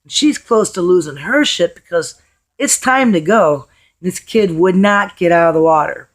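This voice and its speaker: Hoarse woman telling a story, blunt. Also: lowish voice, animated, moderate pace. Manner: chatty, blunt, swears casually. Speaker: vlogger. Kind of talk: casual storytelling vlog.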